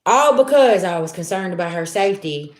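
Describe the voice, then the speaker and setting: A woman's voice: lowish voice, expressive, a little fast, echoey room. A middle-aged woman talking candidly and from the heart to her livestream viewers as a tarot reader, streetwise and swearing freely. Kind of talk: casual live-stream talk to viewers.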